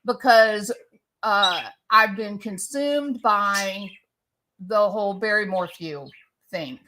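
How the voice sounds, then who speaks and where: Woman, online commentator, slow drawn-out delivery, bright voice, ranting, repetitive. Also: medium pitch. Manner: ranting, repeats herself. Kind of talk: defensive monologue to camera.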